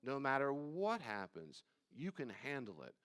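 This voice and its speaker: Emphatic pastor teaching a study class. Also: male voice, mid-range voice, big pitch swings, measured pace, clean tone. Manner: emphatic and repetitive, swinging from loud stresses to quiet asides; conversational, addresses listeners directly.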